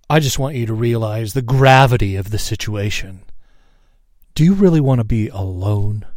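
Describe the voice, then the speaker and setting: A wheedling red dragon from a spoken story begs to stay with its host, as a man puts it on in a low, slow, casual voice. It bargains in plain, everyday speech, and the sound is dry and close. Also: darkish tone, no echo.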